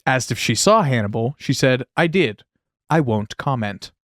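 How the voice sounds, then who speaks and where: In a dry, studio-quality recording, a man with a medium-pitched voice and lively intonation co-hosts a laid-back podcast at a moderate pace. He reads out film history and sprinkles in wry, sarcastic asides.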